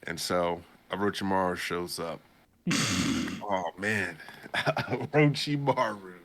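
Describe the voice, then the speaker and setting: A man's voice: sits low, takes it slowly, a bit bright. A young man hosting a podcast, casually recapping a story in a rambling way, laughing as he goes. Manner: rambling, laughs while he tells it. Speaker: podcast host.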